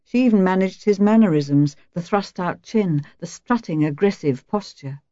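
A woman reading a novel aloud in calm, measured first-person narration. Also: on the low side, dry recording, highs cut off. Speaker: audiobook narrator.

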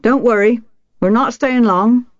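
A woman's voice: fairly high pitch, expressive, fairly quick, no echo, muffled recording, voice pushed up, natural voice. A woman doing an insolent, scornful boatman. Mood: dismissive. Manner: dismissive, half-amused. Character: scornful, insolent male boat traveler.

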